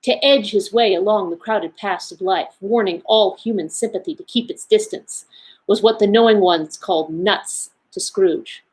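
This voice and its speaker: A woman reads a classic tale aloud at a measured pace, giving the phrases shape and expression. Her voice sits in an ordinary middle pitch. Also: low-quality recording. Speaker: library associate reading aloud. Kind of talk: storybook read-aloud.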